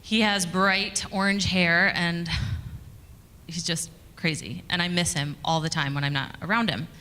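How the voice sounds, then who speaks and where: Woman, lowish bright voice, chatty storyteller, conference speaker, reverberant hall. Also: steady tone, a little slow. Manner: conversational, chatty, with fillers and restarts. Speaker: conference speaker, communications director. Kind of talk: storytelling talk to an audience.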